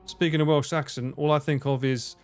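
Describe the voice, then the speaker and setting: A man's voice: a little high, a little fast, clear, resonant tone, soft background music. A man chatting casually to his live-stream audience while gaming, joking around and swearing freely. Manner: jokey, animated, swears freely.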